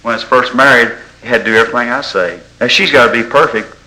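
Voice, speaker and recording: Bright-voiced folksy preacher. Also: male voice, medium pitch, fast talker, poor audio. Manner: folksy storytelling, rising to loud exhortation. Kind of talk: sermon.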